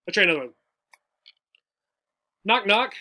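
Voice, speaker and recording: A high-voiced adult education teacher takes English learners through jokes slowly and patiently, sounding expressive, bright and forceful. He regularly checks in with his listeners as he leads the class step by step.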